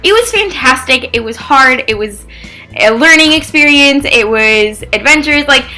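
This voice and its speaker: A young woman vlogging casually, chatty and animated, often saying "like" and acting out what people said. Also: sits high, moderate pace, soft background music. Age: young adult. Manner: chatty, animated, says "like" often, acts out quotes. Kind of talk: casual vlog storytelling.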